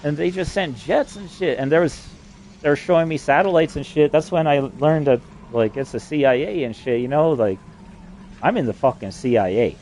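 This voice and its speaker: A man talking in a rambling, heavily profane monologue that climbs higher when he gets worked up. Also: moderate pace, a little hiss or hum. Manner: excitable, voice climbs when agitated.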